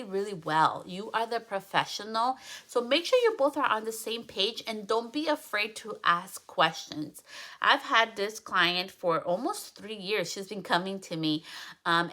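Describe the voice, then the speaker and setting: A young woman hosting a casual solo business podcast, chatty and animated as she acts out conversations with her salon clients. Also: medium pitch. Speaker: podcast host and hairstylist.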